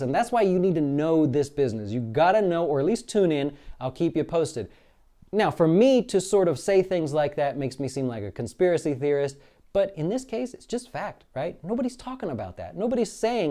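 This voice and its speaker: A man hosting a daily market update, talking casually and acting out quoted exchanges in an animated, fired-up way. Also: high-pitched, normal speed. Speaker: financial advisor hosting a daily market show. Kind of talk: casual live-stream commentary.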